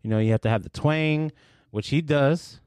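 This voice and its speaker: A man's voice: on the high side, moderate pace, a little mellow, clean tone, no room sound, studio quality. A man hosting a casual podcast chat, laid-back and profane, who says "dude" often.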